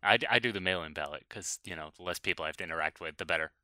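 A man's voice: low-pitched, rapid-fire, bright, forceful tone, no echo, studio quality. A man co-hosting a casual podcast, wry and sarcastic. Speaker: podcast co-host. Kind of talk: casual chat.

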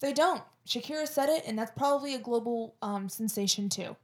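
A woman's voice: fairly high pitch, brisk. A young woman with a Florida accent co-hosting a podcast at home, chatting casually and jokingly, with lots of "like" and "um.". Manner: chatty, jokey, peppered with "like" and "um". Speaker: podcast co-host. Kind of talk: casual chat.

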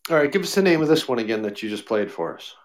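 A man's voice: mid-range voice, sing-song, very fast. Joking man co-hosting a podcast. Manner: joking, rambling, mock radio-DJ bits. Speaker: podcast co-host. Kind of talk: casual chat.

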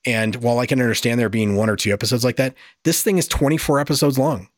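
A man's voice: medium pitch, quick pace, no echo, clean studio sound. A man hosting a podcast, giving a casual, exasperated and profane review rant. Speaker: podcast host.

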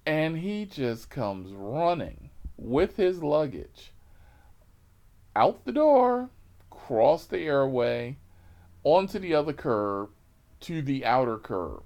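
Brief: rideshare driver telling a story, drawn-out slangy delivery, lots of pitch swings. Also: male voice, darkish tone. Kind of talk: casual storytelling.

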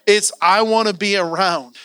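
A man's voice: high voice, steady tone, normal speed, bright, forceful tone, smooth, dry recording, clean studio sound. A man in his thirties preaching a sermon in a church, impassioned and urging his listeners on.

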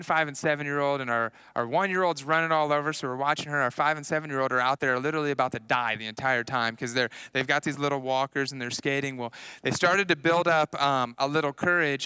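A man in his thirties preaching a casual sermon, telling personal stories in an animated way and acting out what people said. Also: medium pitch, smooth, no echo. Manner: casual, animated storytelling with acted-out quotes. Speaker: pastor.

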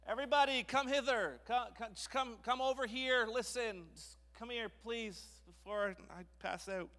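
A man acting out a flustered, stammering Moses, who turns into an excited crowd-rousing speaker. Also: medium pitch, moderate pace, big-room sound, voice pushed down, close to an everyday voice. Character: anxious, stammering biblical leader Moses, man.

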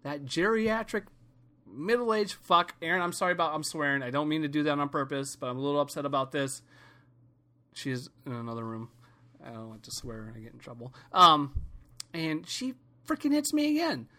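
Bright-voiced ranting man. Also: a little high, a little fast. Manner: profane, rambling, animated storytelling. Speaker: podcast host. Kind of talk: casual comedic rant.

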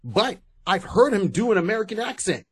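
A man's voice: sits high, big pitch swings, brisk, slightly rough. A man co-hosting a podcast, chatting casually and rambling with restarts and asides. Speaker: podcast co-host. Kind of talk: casual chat.

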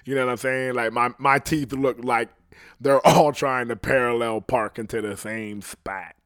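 A man's voice: mid-range voice, fairly even intonation, normal speed, a bit bright, dry recording, clean studio sound. Profane rambling man on a solo podcast. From Ohio. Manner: profane, rambling, frequent "you know what I mean". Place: at home alone.

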